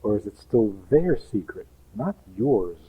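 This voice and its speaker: A man's voice: on the low side, big pitch swings, a little slow, husky, phone-quality sound. A man, a rabbi, giving an emphatic teaching talk full of rhetorical questions and acted-out quotes.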